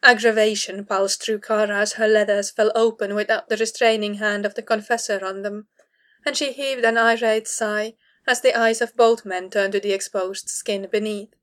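A woman reads a story aloud in a measured, steady way, like an audiobook narrator. Her voice sits at a middling pitch for a woman. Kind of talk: audiobook reading of fan fiction.

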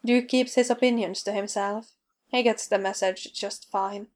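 A woman narrating a story aloud with a steady, even reading. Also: medium pitch, moderate pace. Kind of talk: reading fan fiction aloud.

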